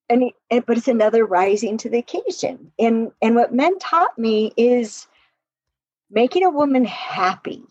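Husky woman coaching on relationships, animated. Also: a little high, no echo, dull audio. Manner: animated storytelling, laughs often, acts out quotes. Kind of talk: podcast conversation.

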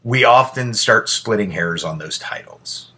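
Man, 40s, podcast host, blunt and profane, husky, bright forceful tone. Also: lowish voice, expressive, measured pace. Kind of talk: casual monologue.

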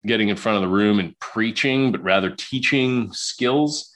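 A man's voice: lowish voice, normal speed, a bit bright. A man from Queens, a psychologist talking as a podcast guest, chatty and prone to repeating his words. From Queens, New York. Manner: talkative, repeats words when starting sentences. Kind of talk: podcast interview conversation.

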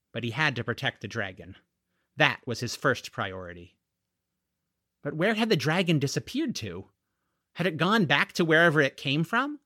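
Bright, lively male audiobook narrator. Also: medium pitch, no echo, clean studio sound. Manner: lively, expressive reading. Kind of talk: scripted narration.

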